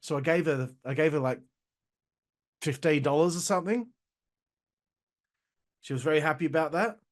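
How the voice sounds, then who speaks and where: A young adult man, hosting a casual wrestling review, talking in a profane, animated rant. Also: fairly high pitch, moderate pace. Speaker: host.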